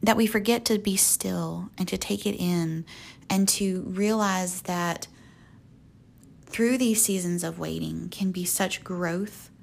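Earnest woman with a gravelly edge. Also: on the low side, takes it slowly, slight background noise. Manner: earnest, folksy, with soft laughs. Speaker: podcast host. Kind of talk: faith podcast monologue.

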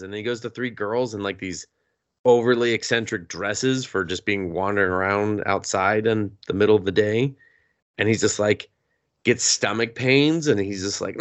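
A man with a somewhat low voice chats his way through an anime plot on a podcast. He is crude and playful, switching into high goofy impressions of the characters as he goes. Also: moderate pace. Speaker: podcast co-host. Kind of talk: casual anime review chat.

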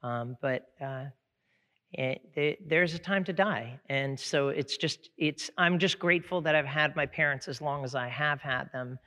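A man's voice: on the high side, measured pace, sharp tone. A middle-aged male pastor preaching a sermon, conversational and folksy, building to fervent exhortation. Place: church sanctuary. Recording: long church hall reverb.

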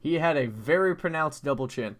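With a fairly high pitch and lively intonation, a man co-hosts a podcast, talking a little fast in loose, casual chat. He sprinkles in plenty of fillers and laughs easily.

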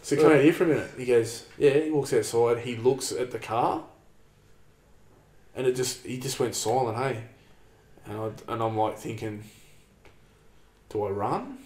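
A man with an Australian accent spins a rambling, sweary story in loose conversation, filling his talk with "man" and "like". His voice sits at an ordinary pitch. The recording has a noticeable roomy echo. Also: fairly even intonation, normal speed, darkish tone. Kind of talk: casual storytelling chat.

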